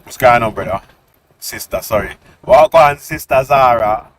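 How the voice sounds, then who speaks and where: A man's voice: mid-range voice, moderate pace. A man hosting a live stream, insistently arguing his point and repeating "listen" and "yeah" to hold the floor. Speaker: stream host. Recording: background noise.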